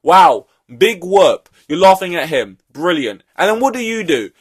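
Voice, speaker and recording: A man's voice: high-pitched, very animated, measured pace, husky. A young man hosting a solo podcast, ranting in an exasperated, profane way. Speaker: podcast host.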